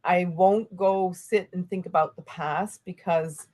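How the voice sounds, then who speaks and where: Low-voiced woman hosting an earnest talk. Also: fairly even intonation, a little mellow. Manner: earnest, halting, with many fillers. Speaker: podcast host. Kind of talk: conversational interview.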